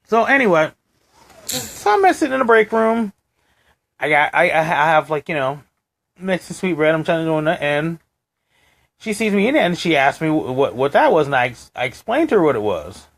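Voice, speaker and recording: Lively, high-pitched male storyteller. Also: moderate pace, gravelly. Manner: animated storytelling, acting out quoted voices, many restarts. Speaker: co-host. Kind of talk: casual chat on a live stream.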